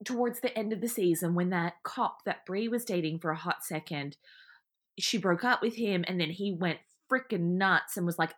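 Woman, podcast co-host, casual chat, blunt, animated, jokey. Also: mid-range voice. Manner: blunt, animated, given to over-the-top jokes.

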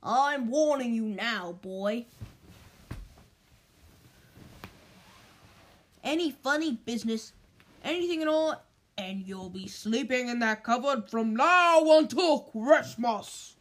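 A woman reading aloud and voicing a blustering, threatening middle-aged uncle who speaks slowly and emphatically. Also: fairly high pitch, big pitch swings.

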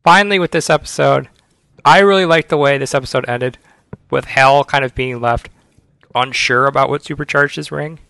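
Gravelly, enthusiastic podcast co-host man. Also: mid-range voice, moderate pace, bright, forceful tone, no room sound. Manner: enthusiastic fan, playful sound effects. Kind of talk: casual chat.

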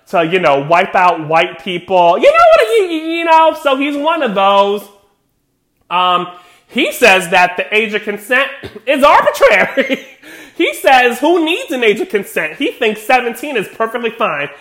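A woman's voice: a little high, fairly bright tone. A woman hosting a casual commentary show, talking in a sarcastic, incredulous, rambling way with lots of fillers. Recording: roomy echo.

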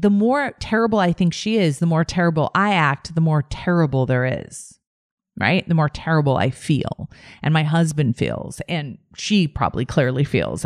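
Woman host, low voice with lively swings, slow calm coaching delivery, dry close sound. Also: no room sound. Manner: calm, repetitive, emphatic phrasing. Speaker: podcast host and life coach. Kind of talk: solo podcast teaching monologue.

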